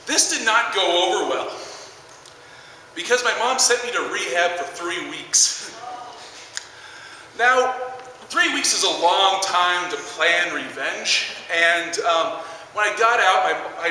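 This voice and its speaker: A man's voice: high voice, lively intonation, unhurried, sharp tone, very echoey, big-room sound, distant mic, slight background noise, poor audio. A man in his twenties doing stand-up, rambling through a story with lots of fillers. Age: 20s. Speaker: stand-up comedian. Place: large theater stage.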